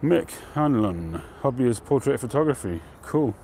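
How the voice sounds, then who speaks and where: A man hosting a live stream outdoors, chatting to viewers in a relaxed, rambling way and greeting them by name. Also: medium pitch, moderate pace, gravelly, slight background noise. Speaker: pipe-smoking livestream host. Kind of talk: casual live-stream chat.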